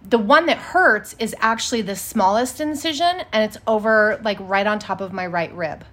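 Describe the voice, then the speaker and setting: A woman in her thirties co-hosting a casual podcast chat, telling lively stories and acting out what people said. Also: medium pitch, normal speed. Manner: animated storyteller, acts out quotes. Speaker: podcast co-host.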